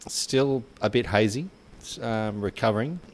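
A man's voice: on the low side, unhurried. A man co-hosting a podcast, chatting casually in a rambling way with lots of fillers. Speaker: podcast co-host.

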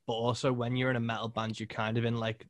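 A man's voice: mid-range voice, fast talker, no room sound. A man hosting a podcast interview, chatting casually with lots of fillers. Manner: relaxed, lots of "like" and short agreements. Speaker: podcast host, musician.

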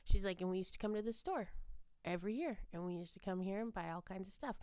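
A woman co-hosting a podcast, chatting casually and telling a long story in an animated way, acting out the voices of the people in it. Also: mid-range voice, fast, clean tone, no echo. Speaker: podcast co-host. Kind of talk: casual chat.

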